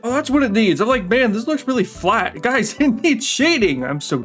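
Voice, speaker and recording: Young male artist, animated and jokey, quiet music underneath. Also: sits high, a little slow, hardly any pauses. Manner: excitable, rambling, jokey self-talk. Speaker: digital artist drawing dinosaurs. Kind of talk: casual drawing commentary. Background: soft background music.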